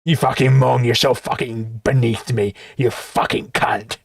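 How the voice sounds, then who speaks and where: A man's voice: medium pitch, steady tone, gravelly, breathy edge, no room sound, studio quality. A man doing a mocking voice of an arrogant man who sneers at his audience, profane and drawn out. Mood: sneering. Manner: profane, growled contempt, slowed and drawn out.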